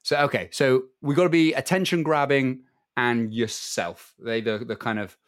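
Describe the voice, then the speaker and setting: A man's voice: mid-range voice, fairly even intonation, moderate pace, dry recording, studio quality. A man hosting a casual podcast interview, teasing his guest, laughing often and asking probing questions. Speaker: podcast host.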